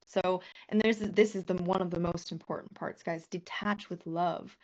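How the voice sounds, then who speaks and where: A woman business coach teaching a live online class, earnest and lively, often swearing and acting out quoted messages. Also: lowish voice, normal speed, muffled recording.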